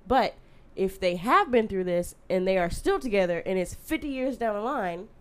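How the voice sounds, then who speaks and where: A woman's voice: medium pitch, expressive, moderate pace. A woman in a casual group chat, talking emphatically, swearing and asking rhetorical questions.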